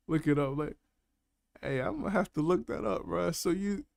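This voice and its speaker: A man's voice: fairly high pitch, moderate pace, gravelly, no echo. A man hosting a casual live panel chat, laughing often and talking in loose, slangy banter. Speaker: panel host.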